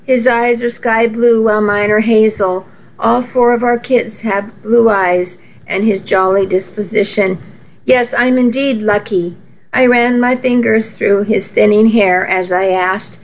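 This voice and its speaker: A woman reading a first-person novel aloud in a steady, intimate way. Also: on the high side, takes it slowly. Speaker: audiobook narrator. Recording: slightly muffled lo-fi audio.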